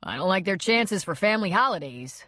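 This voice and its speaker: A woman narrator voicing a gruff, protective male bar owner, dry and warning. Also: medium pitch, very animated, a little fast, sharp tone, no echo. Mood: stern.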